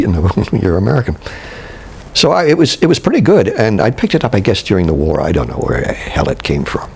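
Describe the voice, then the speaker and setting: An older Canadian man, a veteran stage actor, reminisces about his theatre years in an interview. His deep, gravelly voice halts often, restarting sentences and breaking into chuckles as memories return.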